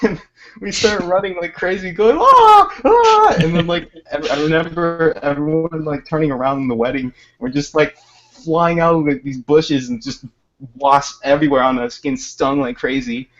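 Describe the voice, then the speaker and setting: A man's voice: on the high side, fairly even intonation, normal speed. A young man telling a story in casual chat, rambling with lots of fillers and laughs. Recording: dull lo-fi voice chat.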